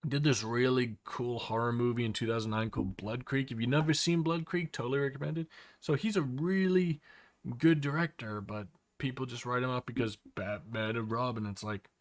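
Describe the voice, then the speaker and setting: A man's voice: medium pitch, steady tone, brisk, no room sound. A young Australian man chatting casually on a live stream, rambling and opinionated with lots of fillers.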